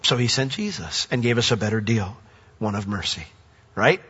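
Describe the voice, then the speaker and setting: Animated preacher in a reverberant hall. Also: male voice, normal speed, husky. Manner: animated, swings from emphatic highs to soft low asides. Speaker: pastor. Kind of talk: sermon. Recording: dull lo-fi audio with long reverb.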